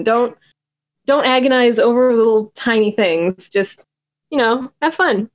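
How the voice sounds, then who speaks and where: A soft-spoken woman being interviewed on a podcast, chatting casually with frequent laughs and restarts. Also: fairly high pitch, a little slow, muffled recording. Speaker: podcast guest, new tabletop gamer.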